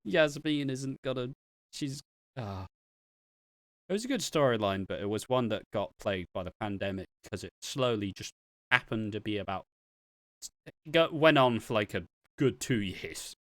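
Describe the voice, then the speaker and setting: A man's voice: fairly low pitch, lively intonation, moderate pace, pauses often, fairly bright tone, no room sound. A man co-hosting a podcast, recapping soap episodes in chatty, casual talk and often laughing. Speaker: podcast co-host.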